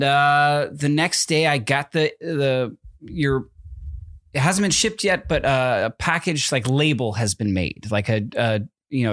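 A man's voice: mid-range voice, fairly bright tone, no echo, clean studio sound. A man in his thirties, co-hosting a podcast in casual chat, rambling through a story with many fillers and acted-out quotes. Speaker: podcast co-host.

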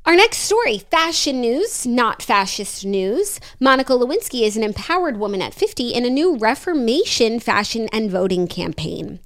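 A woman's voice: a little high, big pitch swings, normal speed, few pauses, fairly bright tone. A woman co-hosting a podcast, reading celebrity news items and teasing her co-host dryly. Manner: dry teasing, reads news items aloud. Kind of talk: casual chat.

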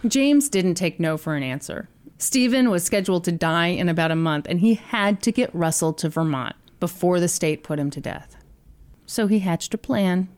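A woman's voice: lowish voice, expressive, normal speed, darkish tone. A woman hosting a podcast, telling a story in a casual, jokey way with casual swearing.

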